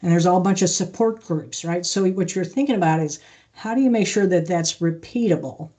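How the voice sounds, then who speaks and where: A middle-aged woman speaking as an interview guest, telling stories in a calm, measured way with frequent restarts. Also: fairly low pitch. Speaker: podcast guest, aviation maintenance leader. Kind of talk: conversational interview.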